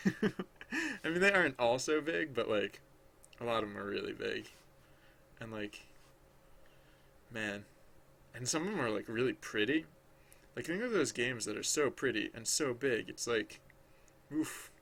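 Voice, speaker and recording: A man's voice: mid-range voice, animated, moderate pace, vocal fry, pauses often, a bit bright. A man thinking aloud as he draws on a livestream, rambling and hesitant, full of restarts, chatting with viewers. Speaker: livestreaming digital artist.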